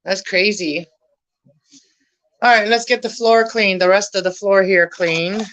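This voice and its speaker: At night in a room of her home, a young woman cleans and rambles to her live viewers, naming them and laughing often. Her mid-range voice is steady, fairly bright, and a little slow, with no echo but a rough recording.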